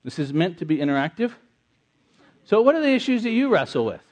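A middle-aged man preaching an interactive sermon, conversational and animated, repeating answers from the congregation. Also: sits high, a little fast. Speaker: pastor.

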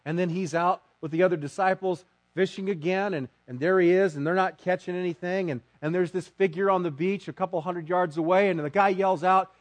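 A man's voice: high-pitched, fairly even intonation, fairly quick, few pauses. A man preaching a sermon, telling a story dramatically and acting out the quotes himself.

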